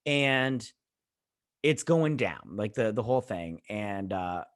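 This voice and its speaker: A man's voice: fairly low pitch, expressive, slow. A man hosting a TV review channel, recapping an episode in a casual, rambling way with lots of fillers and restarts. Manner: heartfelt, saying he feels choked up.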